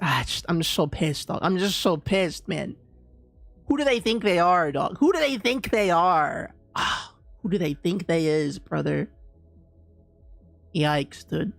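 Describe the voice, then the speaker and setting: There's vocal fry and a slight brightness to this mid-range voice as the streamer rants in casual chat mid-game. Frequent restarts and slang fill the talk, recorded close and dry with faint game music.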